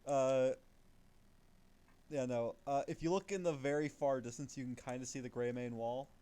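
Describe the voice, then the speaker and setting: A man chatting casually while leading friends through an online game, explaining mechanics in a relaxed way with the odd swear. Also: mid-range voice, moderate pace, clean tone. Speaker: gamer leading the group. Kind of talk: casual chat while gaming.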